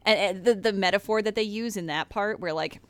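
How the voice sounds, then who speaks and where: Excitable woman chatting about game lore. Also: medium pitch, fairly quick, smooth, no echo. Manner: excited, swearing, filler-heavy.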